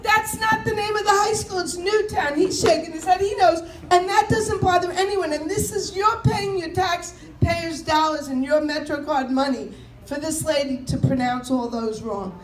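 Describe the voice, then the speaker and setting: A woman comedian with a very high voice, speaking at a moderate pace, does a chatty stand-up set of stories, mimicking voices and subway announcements. The room is echoey with faint noise.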